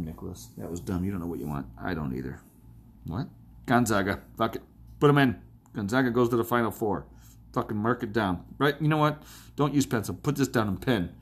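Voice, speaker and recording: A man's voice: on the low side, vocal fry, slightly rough. Profane rambling man picking sports brackets. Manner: rambling, self-talking, jokey and profane. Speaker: podcast host. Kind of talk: casual solo sports-picks monologue.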